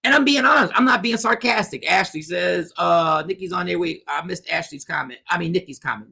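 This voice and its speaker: A man hosting a casual livestream, commenting on the news and reading viewers' comments aloud, animated and repetitive. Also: high voice, a little fast, gravelly, few pauses, husky. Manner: animated, talks back to chat, repeats himself. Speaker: host.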